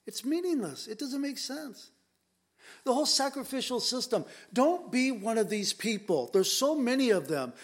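A man's voice: extremely high pitch, big pitch swings, normal speed. A man preaching a conversational sermon to his congregation, earnest and emphatic, often repeating words as he presses a point.

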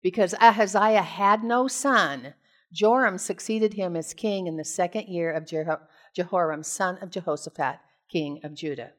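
A woman's voice: fairly low pitch, moderate pace. A woman preacher from the United States reads a Bible passage aloud, retelling parts of it in casual storytelling asides, then preaches on it and puts questions to the congregation. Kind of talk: scripture reading and sermon.

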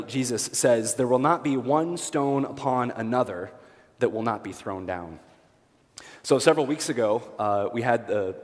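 Male pastor, mid-range voice, conversational sermon delivery, long hall reverb. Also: mid-range voice. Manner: conversational, self-deprecating humor, rhetorical questions. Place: church sanctuary.

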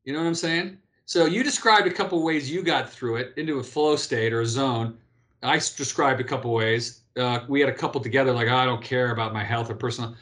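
Brisk and fairly bright, this man's medium-pitched voice belongs to an interview guest in his fifties who used to be a pro athlete. In a casual chat he tells lively stories, frequently starting over and repeating words.

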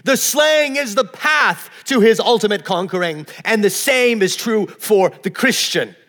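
A man's voice: high voice, expressive, measured pace, fairly bright tone, long reverb tail. A man pastor preaching a sermon, earnest and emphatic, often repeating words as he builds a point.

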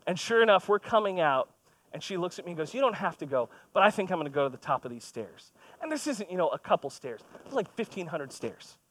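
Guy preaching, kinda high voice, chatty storytelling sermon, jokes at his own expense. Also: sing-song, fast talker, fairly bright tone. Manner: conversational, storytelling with self-deprecating humor. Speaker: pastor. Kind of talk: sermon with personal stories.

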